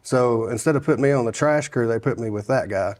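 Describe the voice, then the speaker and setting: Sharing his testimony as an interview guest, a middle-aged Sevier County, Tennessee man talks at a quick pace in a darkish mid-range voice. The casual telling of his life story rambles, with lots of restarts and "you know"s.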